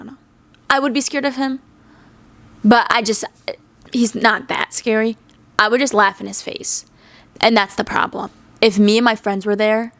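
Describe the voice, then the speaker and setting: A woman's voice: medium pitch, dry recording. A young woman hosting her channel, ranting animatedly about a cartoon show with exasperated jokes. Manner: animated, exasperated, joking rants. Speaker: channel host. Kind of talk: casual fan commentary.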